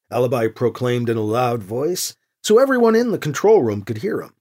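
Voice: brisk, hardly any pauses. An audiobook narrator reading a story aloud and giving each character a voice of their own. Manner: lively, voices each character with shifts in pitch.

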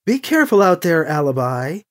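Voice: medium pitch, sing-song, normal speed, natural voice. A narrator doing a stern, doting aunt. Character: stern, loving older aunt.

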